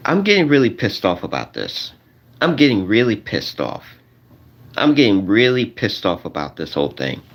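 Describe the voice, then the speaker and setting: A man's voice: wildly swooping pitch, moderate pace. A man doing a stand-up rant to a crowd, repeating himself and sounding exasperated, his voice shooting up when he gets indignant. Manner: repetitive, exasperated, voice jumping high when indignant.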